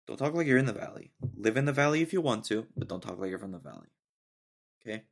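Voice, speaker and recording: A man's voice: lowish voice, animated, fast talker, vocal fry. A young man hosting a casual solo podcast, ranting sarcastically and laughing often. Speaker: podcast host.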